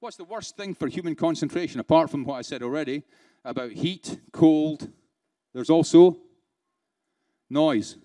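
A British man gives a sarcastic live keynote in a conference room, staying conversational while posing rhetorical questions and using dry sarcasm. He speaks at normal speed in a warm voice that is a little high, with no echo.

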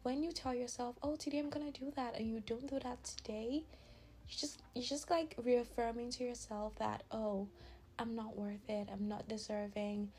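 A woman's voice: a little high, fairly even intonation, moderate pace, a little mellow. A young adult woman hosting a casual advice chat, upbeat and chatty, often saying "like" and acting out quoted dialogue. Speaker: podcast host.

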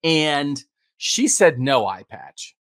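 Man in his fifties, podcast host, chatty and self-mocking, animated pitch, dry close recording. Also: slow pace, dry recording. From United States. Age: 50s. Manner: chatty, rambling, self-deprecating. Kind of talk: casual update to camera. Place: at home.

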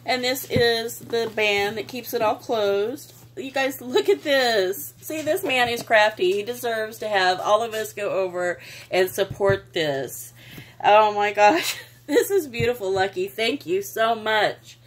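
A woman's voice: mid-range voice, slow. A woman, gushing and sentimental as she opens craft mail in a casual vlog. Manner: gushing, sentimental, exclaims often. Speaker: craft vlogger. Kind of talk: casual unboxing chat.

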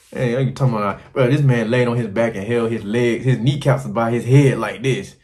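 A man vlogging to camera, telling crude, rambling stories in an animated, casual way. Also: mid-range voice, normal speed, hardly any pauses. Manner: animated, crude and rambling, slipping into quoted voices. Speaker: travel vlogger.

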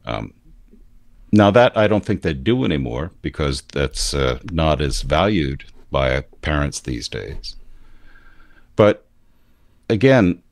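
This news co-host's voice is extremely low and creaky, swinging widely in pitch as he speaks slowly with long pauses. He's an American man from around Philadelphia with a standard accent, explaining things at length in a relaxed news chat.

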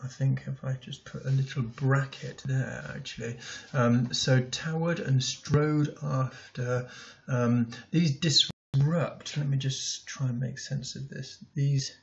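A male teacher in a recorded lesson talks slowly and deliberately, pausing often to think aloud as he annotates a text. His voice has a gravelly, creaky edge. The sound is dull and lo-fi. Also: medium pitch, flat delivery, slight background noise. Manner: thinks aloud while writing, many ums and restarts.

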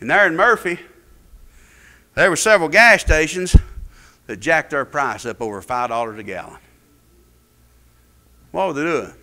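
A male pastor, preaching a fervent sermon that swings between loud peaks and low asides. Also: lively intonation, normal speed, pauses often.

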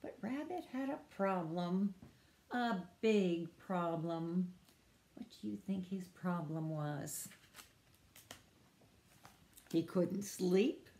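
A woman librarian reading a picture book aloud at preschool storytime, asking the children questions. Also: lowish voice. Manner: slow, lively, questions to children. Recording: echoey room.

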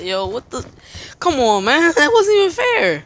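A young man commentating his own gameplay, excitable, yelping and shouting in panic and repeating words rapidly. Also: very high voice. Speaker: gamer. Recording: noisy game audio behind.

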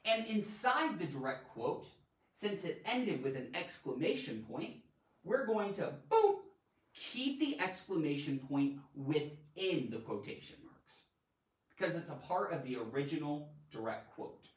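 A man hosting a live online grammar lesson in a playful, animated way, tossing in silly sound effects. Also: on the high side, a little slow. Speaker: grammar teacher and show host. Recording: roomy echo, mic at a distance.

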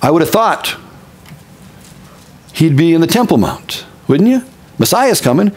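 A man's voice: a little high, sing-song, unhurried, slightly rough. A middle-aged male pastor from Minnesota giving a casual, folksy sermon with candid conversational asides.

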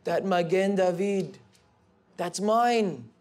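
A man's voice: high-pitched, animated, slow pace, darkish tone. A male speaker voicing a sobbing old man in a spoken story. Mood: grieving. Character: old man, sobbing, long-lost husband.

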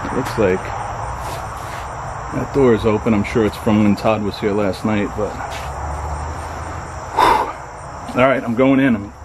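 A nervous man films himself alone on a night ghost hunt, speaking slowly and hesitantly, half to himself. His voice is shaky with fear as he calls out into empty rooms. Crickets and insects chirp clearly behind him. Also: fairly low pitch, background noise. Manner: jittery, muttering to himself, calling out into the dark. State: frightened and shaky. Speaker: paranormal vlogger. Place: abandoned trailer at night, indoors and out.

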